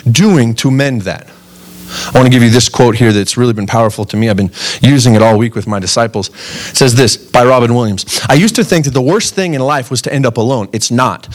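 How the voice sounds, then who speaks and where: A man in his thirties preaching a sermon in an earnest, conversational way, putting direct questions to his listeners. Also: medium pitch. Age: 30s. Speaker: pastor.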